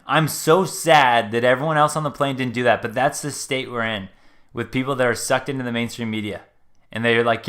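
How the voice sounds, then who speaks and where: A man's voice: medium pitch, normal speed, a bit bright. A man hosting a live stream, talking casually and earnestly as he reacts to a video clip, rambling and trailing off. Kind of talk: casual commentary.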